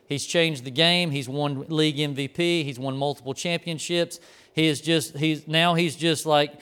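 A man's voice: a little high, clear, resonant tone. A man giving a conversational sermon, telling stories in a folksy way and speaking straight to the people in the room.

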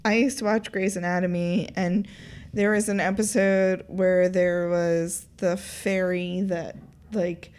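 A woman chatting on a casual podcast, jokey and quick to tell a story. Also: on the low side, little pitch movement, darkish tone, clean tone. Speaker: podcast co-host or guest.

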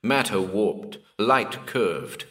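A low, deep-voiced lost man calls out through the void, urgent and shaken, as a male narrator puts him on. He speaks slowly and heavily, bewildered by the place that holds him. This is a character voice in an audiobook horror reading. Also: sing-song, bright, forceful tone, far from the mic, exaggerated voice. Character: lost, bewildered grown man trapped in warped space.

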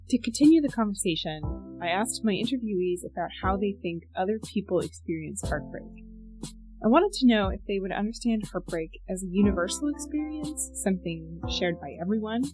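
Woman host, scripted narration, measured, music bed underneath. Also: medium pitch, low-quality recording. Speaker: podcast host. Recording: narration over clear music.

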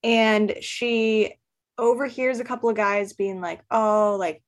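A woman's voice: a little high, steady tone, unhurried. A woman recapping a romance novel in casual podcast chat, chatty and full of "like" fillers, laughing often. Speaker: podcast guest.

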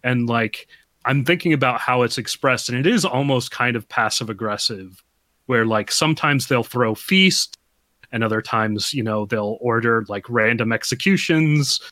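A man's voice: medium pitch, moderate pace, bright, forceful tone, no room sound. A man who designs games, chatting as a podcast guest, rambling a little and laughing often. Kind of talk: casual chat.

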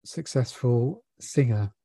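Mellow-voiced man chatting. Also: mid-range voice, slow pace, slightly rough, no room sound, studio quality. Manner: easygoing, frequent agreeing yeahs. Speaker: podcast co-host. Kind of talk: casual film review chat.

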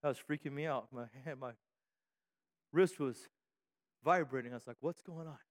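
A pastor preaching a fervent sermon, firing off repeated rhetorical questions and calling for amens from the congregation. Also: male voice, mid-range voice, moderate pace. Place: church sanctuary. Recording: long hall reverb from a church.

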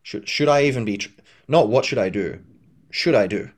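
A man with a fairly low voice hosts a podcast in a loose, reflective monologue. He rambles, restarts his sentences and fills the gaps with "um" and "you know", now and then jumping up in pitch to act out an imagined inner voice. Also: animated, normal speed. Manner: rambling, full of fillers and restarts. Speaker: podcast host.

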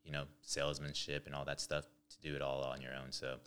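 Very deep-voiced easygoing male guest. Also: completely flat delivery, fairly quick, fairly bright tone. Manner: easygoing, agreeable. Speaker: dance teacher, podcast guest. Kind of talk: casual chat.

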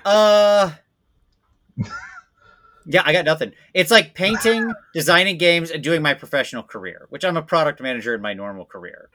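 A man chatting casually as a podcast guest, rambling and self-deprecating, quick to laugh at himself. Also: on the high side, lively intonation, fairly bright tone. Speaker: guest voice actor.

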